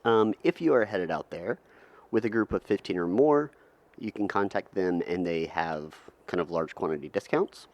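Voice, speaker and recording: A man co-hosting a podcast, laying out topics in a relaxed, methodical way. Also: deep voice, moderate pace, dull audio. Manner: relaxed, methodical, lays out segments. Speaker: podcast co-host. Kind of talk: casual chat.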